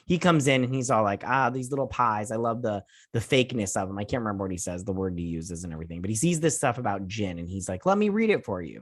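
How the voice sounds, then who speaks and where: A man's voice: fairly low pitch, animated, quick pace, few pauses, no echo, studio quality. A man from the United States hosting a casual episode recap, rambling with lots of fillers and restarts. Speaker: host.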